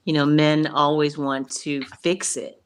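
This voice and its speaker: A woman with a very low voice who drops dry, teasing remarks into a relaxed conversation. She sounds at ease as a co-host. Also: unhurried, clear, resonant tone. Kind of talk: casual chat.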